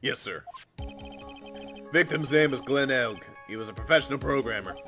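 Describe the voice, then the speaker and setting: A man's voice: medium pitch, lively intonation, normal speed, natural voice. A man voicing an eager, bumbling male police detective who stammers through his answers, over game music. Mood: earnest.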